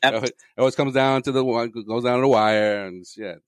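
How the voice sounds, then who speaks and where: A man talking sports at a quick clip, the way podcast co-hosts do over a close, dry microphone. He often stumbles into his point by repeating words, then rolls straight on. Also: mid-range voice, steady tone, no room sound. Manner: quick, repeats words when starting a thought. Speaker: podcast co-host. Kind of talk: casual sports chat.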